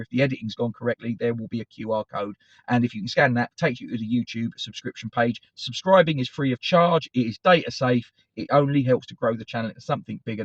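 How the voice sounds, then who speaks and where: A man's voice: mid-range voice, dry recording. A middle-aged man, chatting on his fan channel in a digressive, self-correcting way. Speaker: football fan channel host. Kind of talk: casual rambling commentary to camera. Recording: dry, slightly dull recording.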